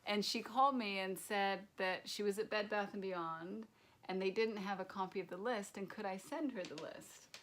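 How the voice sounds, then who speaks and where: A woman's voice: mid-range voice, normal speed, fairly bright tone. A woman co-hosting a casual conversation, telling a story with animation and frequent laughter. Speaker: podcast co-host.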